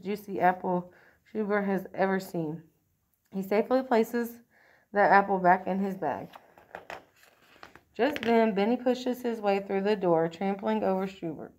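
Woman reading a picture book aloud. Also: mid-range voice. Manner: expressive, occasional slips and throat-clearing. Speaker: storybook reader.

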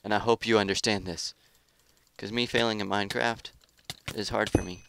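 A man giving live gameplay commentary as a gaming YouTuber, excitable, trash-talking opponents and grumbling about lag. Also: fairly low pitch, normal speed, creaky, clean tone, dry recording.

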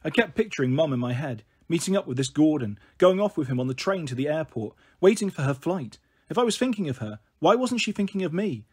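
A man reading a children's novel aloud as narrator, in a plain, steady storytelling manner. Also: a little high, brisk, breathy edge.

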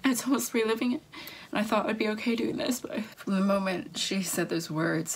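Young adult woman, vlogger, personal storytelling, halting with restarts, raspy, fry-laden voice. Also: medium pitch, fairly even intonation, rough recording.

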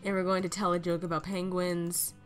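A woman's voice: lowish voice, flat delivery, brisk, soft background music. A young woman casually commenting on a video game as she plays, chatty and giggly, often laughing at what happens on screen. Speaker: gaming video host. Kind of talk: casual let's-play commentary.

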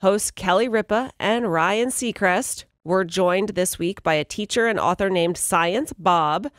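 Female co-host, mid-pitched, reads entertainment news with easy laughs, close dry studio mic. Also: a little slow, no echo. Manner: bright, laughs often while reading stories. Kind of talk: morning radio news and banter. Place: radio studio.

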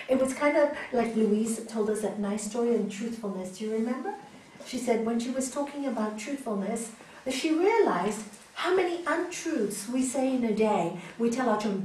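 A woman with a fairly high voice gives a spiritual teaching talk. She speaks gently but with emphasis, and she acts out the voices in her stories. She is picked up from some distance in an echoey hall, with faint ambient noise. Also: expressive, normal speed. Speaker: raja yoga teacher.

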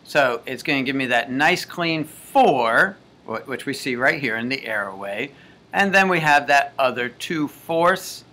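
A man's voice: medium pitch, animated, measured pace, sharp tone. A man teaching a homework math lesson, counting aloud and working steps with folksy, jokey asides.

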